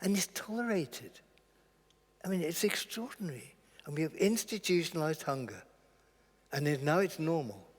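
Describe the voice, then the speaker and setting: A man's voice: fairly high pitch, lively intonation, normal speed. An older man in his eighties, a film director speaking earnestly and with indignation at a public talk. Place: large church hall. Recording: echoey large hall.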